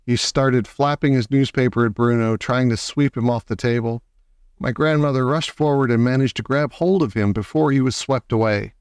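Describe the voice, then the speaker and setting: A man narrating a children's novel aloud in a steady storytelling manner. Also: mid-range voice, normal speed, clear, resonant tone, no room sound, studio quality. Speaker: audiobook reader. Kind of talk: scripted narration.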